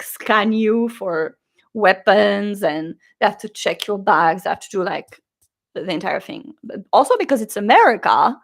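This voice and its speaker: A young woman vlogger casually recounting a concert trip, animated and acting out the people she quotes. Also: vocal fry. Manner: animated, acts out quotes with big pitch jumps. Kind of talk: casual storytelling vlog.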